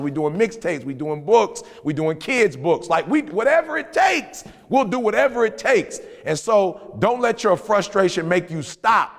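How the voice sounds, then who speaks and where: A man with a high, gravelly voice talks in a motivational, casual podcast style. He tells stories with animated emphasis, repeating phrases and pushing his pitch up on key points. The sound carries a long reverb from the room. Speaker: podcast co-host.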